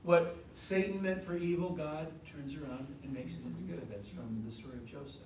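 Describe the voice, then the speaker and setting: A man's voice: on the high side, steady tone, brisk, recorded from a distance, background noise. Man teaching a class in an echoey room. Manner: conversational, repeats points, asks the class questions. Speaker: ministry teacher. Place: meeting room with a group.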